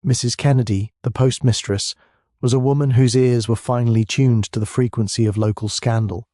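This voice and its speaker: A man narrating a mystery story in a steady, even storytelling voice. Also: mid-range voice, normal speed, no echo, studio quality.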